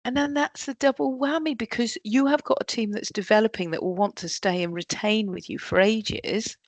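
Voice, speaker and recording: A woman's voice: a little high, normal speed, no room sound. A woman giving a leadership workshop talk, often acting out what colleagues say. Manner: lively, acts out quoted colleagues. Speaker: workshop trainer.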